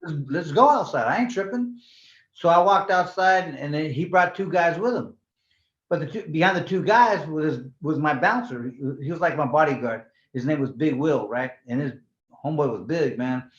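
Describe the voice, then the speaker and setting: A man's voice: fairly high pitch, normal speed. A man of sixty, a former boxing champion from California, telling stories in a rambling, talkative way, repeating words and slipping in Spanish slang. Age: 60s. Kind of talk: casual storytelling interview. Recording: echoey room, dull lo-fi sound.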